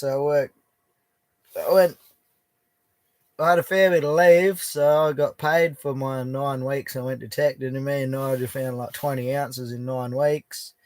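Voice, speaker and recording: A man's voice: medium pitch, a little mellow, no room sound. A young Australian man chatting casually on a live stream from his bush camp, reading out viewer comments in a laid-back, chatty way and laughing easily. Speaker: prospecting livestreamer.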